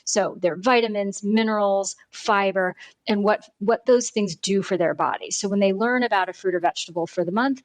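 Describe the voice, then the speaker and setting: A woman's voice: medium pitch, normal speed, no echo, rough recording. A middle-aged woman guest on a podcast interview, telling stories in an earnest, conversational way with frequent "you know" and "right?". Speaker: guest, pediatric nutrition program founder.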